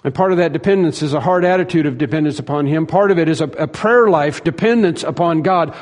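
Pastor, homem, sermão enfático, voz meio aguda, salão reverberante. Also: male voice, a little high, fairly quick, hardly any pauses, darkish tone. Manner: emphatic, repeats phrases for stress, acts out quoted lines. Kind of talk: sermon.

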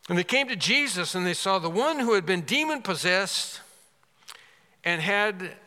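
A man preaching a sermon, earnest and emphatic, often restarting and suddenly rising in pitch and volume to stress a point. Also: lively intonation, moderate pace, pushed and bright, big-room sound.

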